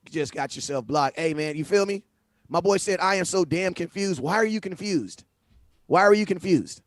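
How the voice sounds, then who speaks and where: A man hosting a live stream from home, talking sports in loose, animated slang. His voice sits a bit high, and he repeats phrases as he reacts. The sound is dry and close. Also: moderate pace, no echo. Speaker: livestream host. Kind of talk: casual sports commentary. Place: home livestream setup. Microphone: phone.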